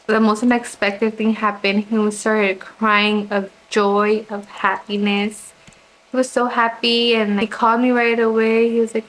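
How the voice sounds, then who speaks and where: A woman's voice: a little high, low-quality recording. A woman in her twenties telling a personal story while getting ready on camera, chatty and casual with lots of filler words. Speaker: vlogger.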